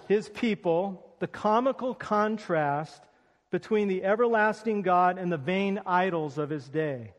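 In a high voice, a man preaches a sermon built around a personal story told with self-deprecating humor, and the long reverb of a big hall echoes around him.

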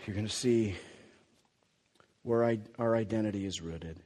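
A male pastor preaching a sermon, telling the story with animated swings from quiet to loud. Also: on the low side, normal speed. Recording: long hall reverb.

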